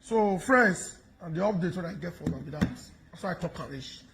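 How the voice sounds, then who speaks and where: A Nigerian man giving mocking, animated commentary in pidgin, taunting and laughing as he talks. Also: high voice, moderate pace, vocal fry. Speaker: online commentator.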